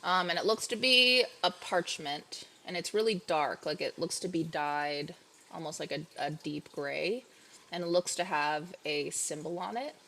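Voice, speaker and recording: A woman's voice: fairly low pitch, a little slow, vocal fry, pushed and bright. Chatty woman running a tabletop game. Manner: casual, chatty, filler-heavy narration. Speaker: game master.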